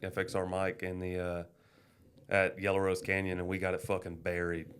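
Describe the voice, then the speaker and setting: A man, a parts dealer telling profane, lively stories as a guest on a casual podcast. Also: low-pitched, normal speed, slight background noise. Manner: profane, lively anecdote-telling, acting out quoted voices.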